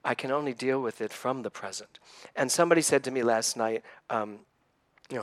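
A man's voice: medium pitch, brisk. A man in his sixties giving a conversational sermon, earnest and personal, telling stories and asking his listeners questions. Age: 60s. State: slightly emotional. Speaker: church speaker.

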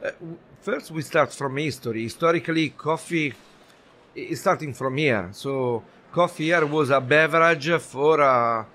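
A man with an Italian accent, a guest on a podcast recorded live at an expo, speaking haltingly with many fillers and restarts. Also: on the high side, bright, forceful tone, a little hiss or hum. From Italy. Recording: faint ambience at a live expo.

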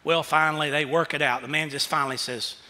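A man's voice: a little high, steady tone, fast, bright, forceful tone, in a large hall. A man preaching a sermon as pastor, telling stories in a conversational way.

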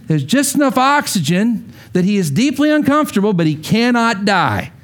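A man preaching with a high, lively voice that swoops up and down. He tells stories in an animated way and gives voices to the people in them. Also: normal speed. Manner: animated storytelling with acted quotes. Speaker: pastor. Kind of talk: sermon.

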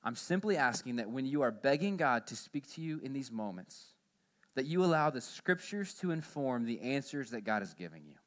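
A man preaching a sermon in church as pastor, who pushes his voice higher and louder on key points and then drops low and quiet to close them. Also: big pitch swings, normal speed.

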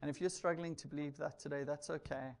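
A male pastor with a gravelly, creaky voice, guiding a church through communion. His delivery stays level and steady, with little rise and fall in pitch. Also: quick pace. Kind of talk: sermon.

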